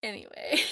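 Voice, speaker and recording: A woman's voice: sits high, breathy edge. A woman hosting a casual live stream, chatting in a rambling way and laughing often. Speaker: livestream host.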